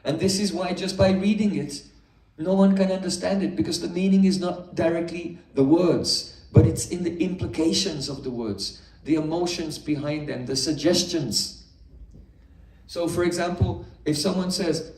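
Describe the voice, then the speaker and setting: A man giving a morning scripture class to a live audience, explaining patiently with everyday examples and gentle humor. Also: fairly high pitch, moderate pace. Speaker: spiritual teacher. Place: indoor hall with a live audience. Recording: echoey room, distant mic.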